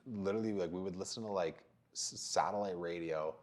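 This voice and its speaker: A man hosting a podcast, chatting casually and quickly backing his guest up. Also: sits low, a little mellow. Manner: agreeable, quick to back the guest up. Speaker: podcast host.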